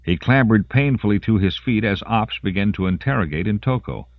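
A man narrates an audiobook in a very deep voice with lively, rolling intonation. His telling is dramatic. The sound is dry and slightly muffled. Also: fairly quick, dry recording. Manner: dramatic storytelling reading. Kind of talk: scripted narration.

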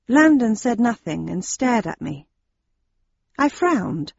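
A woman reads a first-person story in a wry, expressive storytelling manner. Her voice is a touch husky and breathy, recorded very dry and slightly dull. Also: on the high side, slow, pauses often, dry recording. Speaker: audiobook narrator. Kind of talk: first-person audiobook narration.

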